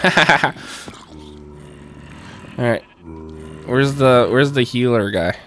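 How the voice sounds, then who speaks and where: A man hosting a Minecraft let's play, chatting casually and muttering to himself as he plays, getting loud and excited when he pleads. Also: mid-range voice, very slow, slight background noise. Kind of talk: casual gameplay commentary.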